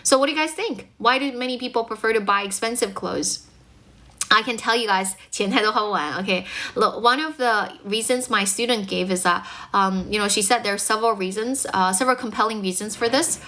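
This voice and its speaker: A woman's voice: medium pitch, fairly quick, bright, forceful tone. A woman from China with a mostly American accent, a chatty English speaking teacher who greets viewers and laughs easily on a live stream.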